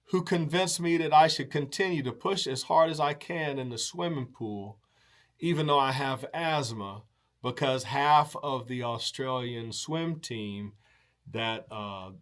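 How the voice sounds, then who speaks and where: A man's voice: medium pitch, unhurried, sharp tone. A man hosting a show, telling a rambling, casual story with many fillers, restarts and casual swearing. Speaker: show host.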